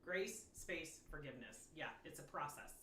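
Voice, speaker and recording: A New woman co-hosting a relaxed talk show, her bright voice full of lively pitch swings as she acts out quoted lines. She sounds a bit off-mic in a roomy, echoey space, with a faint hum of ambience behind her. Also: normal speed. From New York. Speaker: podcast co-host. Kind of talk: casual chat.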